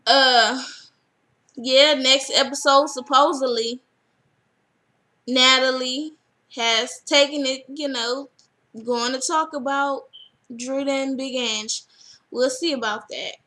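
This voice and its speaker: A young woman casually recapping a reality TV episode, animated and acting out what people said. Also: high voice, slow, long pauses. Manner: animated, acts out quotes.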